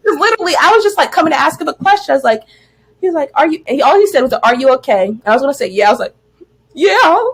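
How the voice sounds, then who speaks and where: Young woman podcast co-host, casual chatty storyteller, slightly high voice. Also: lively intonation, racing. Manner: chatty storyteller, laughs often. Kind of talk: casual chat.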